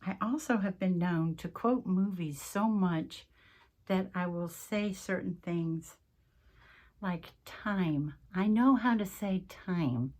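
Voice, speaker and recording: A woman hosts a casual craft tutorial, rambling and chatting as she works and often interrupting herself, and she mentions her accent coming and going. Her voice is fairly low in pitch, slow and a little mellow.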